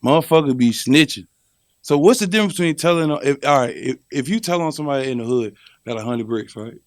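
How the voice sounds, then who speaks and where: A man on a podcast as a guest, talking in an animated, blunt and profane way. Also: medium pitch, fast talker, no echo. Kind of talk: casual podcast chat.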